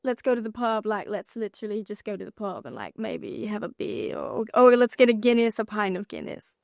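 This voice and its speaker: A woman attempting a London accent, halting and self-conscious. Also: medium pitch, gravelly, a little mellow, dry recording, studio quality, close to an everyday voice. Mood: playful.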